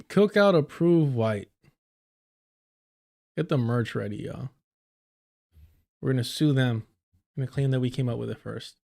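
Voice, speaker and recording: A man's voice: medium pitch, steady tone, normal speed, gravelly, long pauses, mellow. Profane sarcastic male streamer. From United States. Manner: profane, sarcastic, mocking voices of clip figures. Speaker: live streamer reacting to clips. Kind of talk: casual live-stream commentary.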